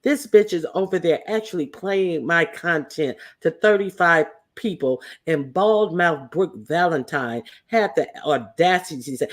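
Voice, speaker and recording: A woman's voice: on the low side, expressive, measured pace, hardly any pauses. A woman hosting a casual commentary livestream, blunt and profane, with many fillers and restarts. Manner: hesitant, lots of fillers and restarts. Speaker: livestream host.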